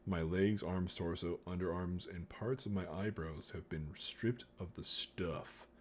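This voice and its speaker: A man streamer reading a book aloud, slow and deliberate, with joking asides. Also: low-pitched, a little mellow. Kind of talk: casual storybook reading on stream.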